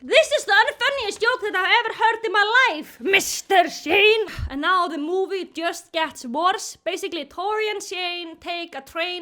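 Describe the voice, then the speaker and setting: Woman, comedic movie commentator, very high bright voice, giggly and animated. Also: moderate pace. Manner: animated, giggly, exaggerated retelling. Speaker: commentary youtuber.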